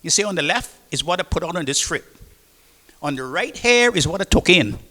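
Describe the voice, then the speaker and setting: A man's voice: fairly high pitch, sing-song, brisk, bright, forceful tone. An older man with a Caymanian accent playing a shrewd older sea captain who talks down to others and calls them son. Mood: patronizing. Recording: reverberant hall.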